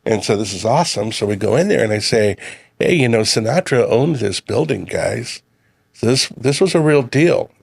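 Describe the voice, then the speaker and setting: Middle-aged man, chef guest, steady storyteller, close dry studio mic. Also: medium pitch, moderate pace, creaky, husky, dry recording. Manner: relaxed storyteller, quotes his sons and himself. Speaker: guest, chef and community leader. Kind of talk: casual chat.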